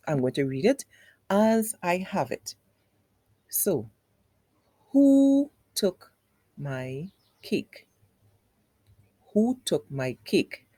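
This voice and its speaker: Low-voiced, lively teacher woman. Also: dry recording. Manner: speaks directly to children with exaggerated, sing-song intonation; patient, explains step by step with repetition. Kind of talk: lesson for young children.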